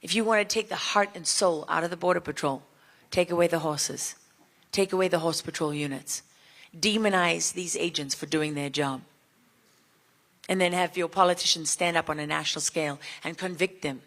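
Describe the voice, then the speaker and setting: A woman with a lowish, slightly bright voice gives an impassioned speech at a border summit. She fires rhetorical questions at the crowd.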